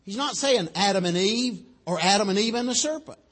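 A male preacher, giving a sermon, swinging from shouted lines to low quiet ones and saying amen often. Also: brisk.

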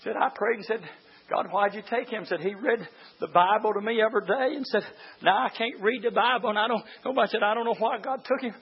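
Preacher man, high voice, yells in bursts, muffled lo-fi tape. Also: fast, husky. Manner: swings from quiet storytelling to high shouted preaching. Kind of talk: fiery sermon. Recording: dull lo-fi church recording.

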